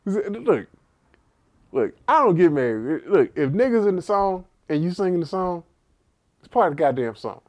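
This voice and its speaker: A man telling stories on a casual podcast, swearing freely and laughing as he goes. His voice sits a bit high and swings widely in pitch. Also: moderate pace. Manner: profane, animated storytelling with bursts of laughter. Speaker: podcast co-host. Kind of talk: casual chat.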